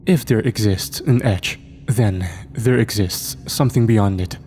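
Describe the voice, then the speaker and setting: A man's voice: on the low side, unhurried, a little mellow, slight background noise, natural voice. A man voicing an arrogant, obsessive male scientist who lectures with confidence. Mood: lecturing.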